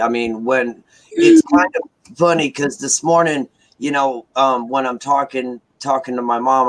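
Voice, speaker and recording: A man's voice: mid-range voice, a bit bright, poor audio. A man casually telling a long story, full of fillers and acted-out quotes. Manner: rambling, many fillers, acts out quotes. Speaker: caller sharing news.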